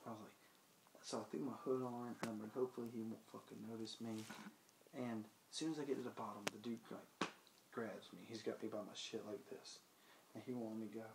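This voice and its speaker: A drunk man with a lowish voice rambles fairly quickly through a profane anecdote, animatedly acting out what the people in it said. The recording sounds roomy, with faint noise.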